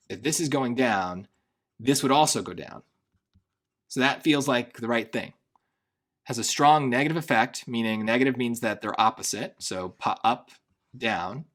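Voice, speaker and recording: A man tutoring for a test, reading passages quickly and then musing half to himself as he works through the answer choices. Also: on the low side, fairly bright tone. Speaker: SAT tutor. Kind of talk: thinking aloud while solving test questions.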